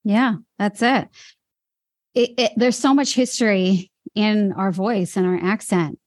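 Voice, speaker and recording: A woman's voice: mid-range voice, fairly even intonation, measured pace, darkish tone, no room sound. A woman hosting a podcast, speaking in a thoughtful, reflective way. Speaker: podcast host. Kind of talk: casual interview chat.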